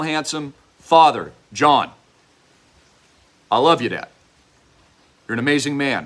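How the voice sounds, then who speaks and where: A man delivering a fervent, preachy direct-to-camera investment pitch, repeating slogans and at times shouting them. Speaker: online show host pitching an investment project.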